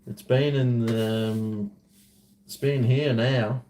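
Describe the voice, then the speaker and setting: An Australian man talks to his camera in an easy, unhurried drawl, taking his time over every thought. He rambles from one aside to the next and pokes fun at himself along the way. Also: medium pitch, steady tone, mellow, slight background noise. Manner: rambling, self-mocking, drifts between asides. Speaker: vlogger. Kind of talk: casual chat to camera.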